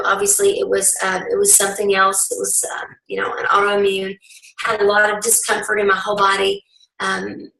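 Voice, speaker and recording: A middle-aged woman, a bit hoarse, telling her story to a sales team in a rambling, folksy way full of ums. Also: medium pitch, sharp tone. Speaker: guest speaker on a team call. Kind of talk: personal testimony to a sales team. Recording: roomy, distant conference-call audio.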